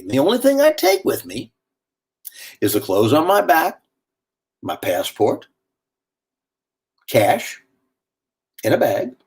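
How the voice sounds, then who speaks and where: A man telling a dramatic first-person story with lively delivery and sudden swings in tone. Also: a little high, husky.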